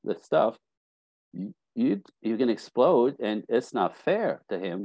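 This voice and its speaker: A man's voice: mid-range voice, no echo, poor audio. A man giving relationship advice in a casual interview, acting out little quoted scenes as he tells stories. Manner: animated storyteller acting out quotes. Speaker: relationship coach guest.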